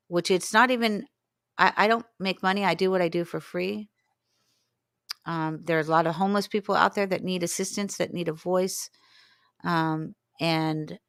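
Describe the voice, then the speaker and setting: Woman in her 60s, lowish smooth voice, guest spinning a long story, does little voices for everyone she quotes. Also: no echo, studio quality. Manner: animated, acts out quoted dialogue. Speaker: interview guest. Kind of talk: storytelling in conversation.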